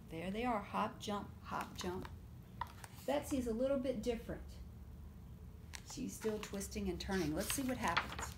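A woman reading picture books aloud at story time, animated and stopping often to ask the children questions. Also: on the high side, measured pace, long pauses, background noise. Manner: animated, asks children questions and invites them to join in.

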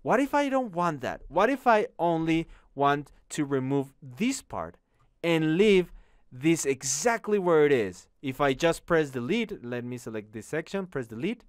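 Upbeat man teaching software, crisp close voice. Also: big pitch swings, a little slow, no room sound. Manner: upbeat, says "boom" and "okay?" often. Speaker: online course instructor. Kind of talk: screen-recorded software tutorial.

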